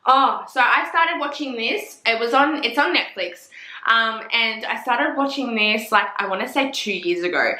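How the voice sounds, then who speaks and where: A young woman vlogging in a casual chat, gushing and swearing a lot as she talks excitedly. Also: on the high side, moderate pace. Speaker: vlogger reviewing TV series. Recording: echoey room.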